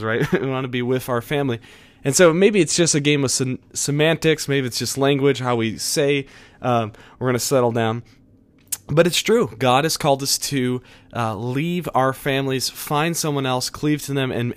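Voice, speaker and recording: A man hosting a podcast episode, giving an earnest, conversational devotional talk with soft chuckles. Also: mid-range voice, no echo.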